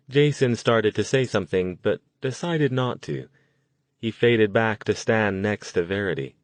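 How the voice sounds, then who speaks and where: Very deep-voiced male audiobook narrator. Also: lively intonation, a little slow, no echo. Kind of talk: scripted narration.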